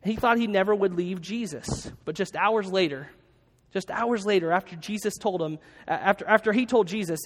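High-pitched pastor guy preaching, lots of restarts, big church reverb. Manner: earnest, halting, with many restarts. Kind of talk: sermon.

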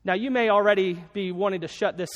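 Speaking fast in a notably high voice, a pastor gives a conversational sermon to his congregation, repeating every key point so listeners can write it down. The muffled recording catches his voice echoing through a big church with long, lingering reverb.

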